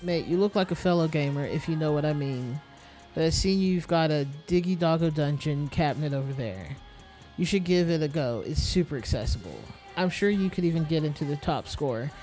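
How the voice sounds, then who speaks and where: A chummy young gamer lad, put on by a streamer reading game dialogue, pushy and loud. He leans on slang and calls the listener mate, with faint game music behind him. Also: medium pitch, fairly quick, natural voice.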